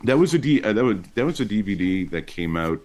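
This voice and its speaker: A man with a notably low voice talks easily as a guest, spinning anecdotes. His pitch jumps up when he gets excited, and he keeps circling back with fillers. He grew up in Montreal. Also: quick pace. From Montreal, Canada. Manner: chatty storyteller with lively pitch swings. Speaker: comedian guest. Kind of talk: casual interview chat.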